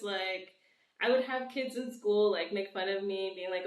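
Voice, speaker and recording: A woman's voice: mid-range voice, fairly even intonation, moderate pace, recorded from a distance, dull audio. A young woman talking as a guest in a casual interview, rambling and filling her sentences with "like". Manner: rambling, filler-heavy, says "like" often. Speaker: guest artist. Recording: roomy, voice set back from the mic.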